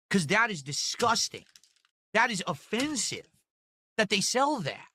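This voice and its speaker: High, bright-voiced man ranting. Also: sing-song, unhurried, pauses often, breathy edge. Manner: indignant, ranting, repeats himself. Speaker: food review vlogger. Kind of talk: angry food review rant. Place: home desk.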